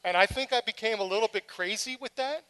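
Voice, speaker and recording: Animated middle-aged woman preaching a sermon. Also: on the high side, fast. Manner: animated, dramatic storytelling with humorous asides.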